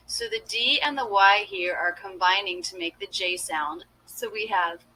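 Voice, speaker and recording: Bright-voiced woman coaching pronunciation. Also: medium pitch, measured pace, few pauses, a little hiss or hum, poor audio. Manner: analytical, repeating phrases to demonstrate. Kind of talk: video lesson.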